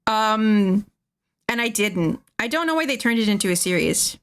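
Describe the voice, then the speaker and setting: A woman's voice: medium pitch, animated, normal speed, a bit bright, clear, resonant tone. A woman streaming casually, rambling and laughing often as she draws and chats. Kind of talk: casual chat while drawing.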